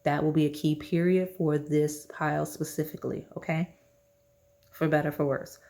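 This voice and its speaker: Low-voiced rambling tarot reader woman. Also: little pitch movement, normal speed, gravelly, mellow. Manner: rambling, chatty, many fillers and restarts. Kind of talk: casual pick-a-card tarot reading.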